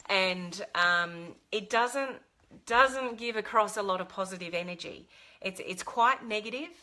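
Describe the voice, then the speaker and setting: A woman's voice: mid-range voice, a little slow, pushed and bright. A middle-aged woman talking to camera, giving earnest life advice with fillers and restarts. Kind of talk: casual talk to camera.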